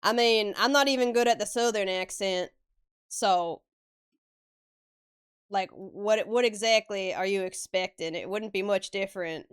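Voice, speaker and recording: Smooth-voiced woman chatting on stream. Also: medium pitch, measured pace. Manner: chatty, swears casually, laughs often, answers chat. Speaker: live-stream artist. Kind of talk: casual stream chat while drawing.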